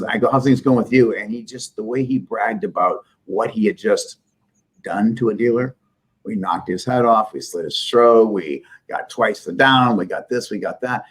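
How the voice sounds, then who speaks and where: A Midwest-raised businessman tells stories in a casual interview. His voice is husky and a bit low. He speaks emphatically and candidly, with a joking edge. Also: low-quality recording. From Midwest United States. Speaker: business owner guest.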